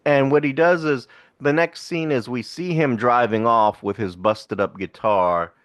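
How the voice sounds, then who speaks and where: A man's voice: medium pitch, measured pace. A man co-hosting a podcast, casually retelling a film plot in a rambling way with laughs. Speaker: podcast co-host. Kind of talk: casual film review chat.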